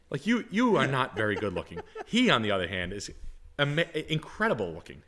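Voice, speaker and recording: A man tells stories in a loose podcast chat, his pitch jumping all over the place. He swears freely and puts on the voices of the people in his tales. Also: quick pace. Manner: animated, swears a lot, acts out quoted people in raised voices. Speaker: podcast co-host telling stories. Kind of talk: casual storytelling chat.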